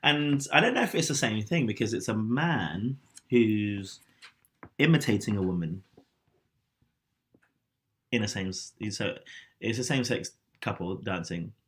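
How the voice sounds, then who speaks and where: A man co-hosts a casual podcast with a fairly low voice. He asks curious questions and works through his thoughts aloud, often restarting his sentences. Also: animated, a little slow, long pauses, fairly bright tone. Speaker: podcast co-host. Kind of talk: casual chat.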